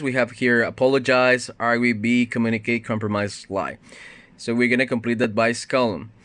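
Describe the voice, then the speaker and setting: Male ESL teacher, mid pitch, patient walkthrough, dry close mic. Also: pushed and bright, clean tone, dry recording. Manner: patient, explains step by step with fillers. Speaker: English teacher. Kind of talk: recorded grammar lesson.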